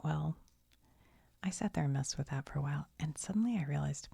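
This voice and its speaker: Gravelly, breathy soft-spoken woman. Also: deep voice, a little fast, dry recording, studio quality. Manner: soft-spoken, often slipping into a whisper; rambling, chuckles through the story. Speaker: ASMR channel host. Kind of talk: soft-spoken ASMR storytelling.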